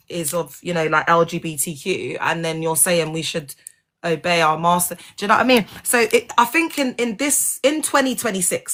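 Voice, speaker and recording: A woman's voice: lowish voice, fairly bright tone. A woman talking in a casual, rambling monologue. She is frank and sarcastic and keeps asking the listener if they follow. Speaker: vlogger and former church member.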